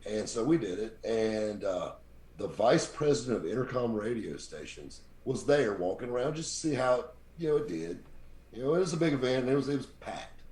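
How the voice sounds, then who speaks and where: A man with a very deep voice, telling lively stories as a podcast guest and acting out the people he quotes. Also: normal speed. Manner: animated anecdote-teller, acts out quoted people. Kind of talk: casual storytelling. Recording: roomy echo.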